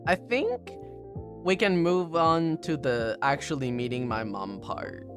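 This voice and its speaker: Halting man chatting over music. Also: on the high side, lively intonation. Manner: halting, many fillers. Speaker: streamer. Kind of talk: casual chat. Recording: soft music behind.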